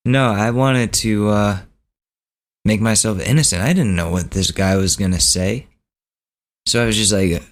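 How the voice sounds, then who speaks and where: A man hosting a podcast, telling a story in a relaxed, rambling, casual way. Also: on the low side, unhurried, pauses often. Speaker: podcast host.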